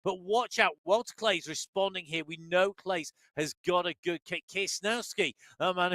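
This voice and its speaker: A man commentating a live virtual cycling race, excitable and quick to laugh, building up hard through the sprint finishes. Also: high voice, no room sound. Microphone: headset with talkback in ears.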